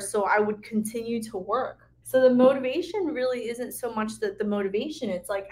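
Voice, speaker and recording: A woman's voice: fairly high pitch, slight background noise. A woman who works as an occupational therapist, giving candid career advice in a frank, emotional way and swearing now and then. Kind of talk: candid unscripted advice talk.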